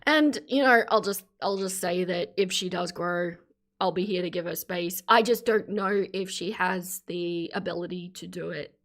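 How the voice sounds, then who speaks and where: A woman's voice: fairly low pitch, normal speed. Chatty woman streaming commentary. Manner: chatty, opinionated, thanks viewers warmly. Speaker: livestream reaction host. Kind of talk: casual commentary livestream.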